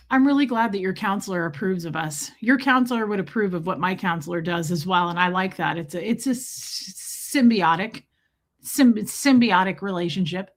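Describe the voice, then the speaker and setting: A woman's voice: mid-range voice, normal speed. A woman hosting a casual livestream, chatting and teasing as she greets viewers one by one. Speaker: livestream host.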